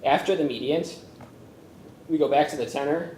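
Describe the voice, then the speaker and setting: A man's voice: fairly high pitch, darkish tone. Guy teaching chant at a workshop, lots of ums, echoey room with a faint hiss. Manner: halting with many fillers, hums melodies to demonstrate. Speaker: music workshop presenter. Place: conference room with a live audience. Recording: roomy echo from a lecture space.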